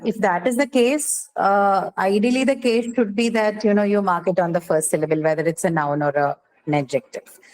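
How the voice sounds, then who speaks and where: A woman's voice: mid-range voice, darkish tone, low-quality recording. A woman teacher giving a lecture, explaining step by step and often checking in with her students. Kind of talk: classroom lecture.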